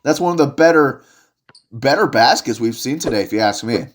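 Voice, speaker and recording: A young man doing solo play-by-play commentary on a video game basketball match, excitable and jokey, rising to shouts on big plays. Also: mid-range voice, brisk, a little hiss or hum.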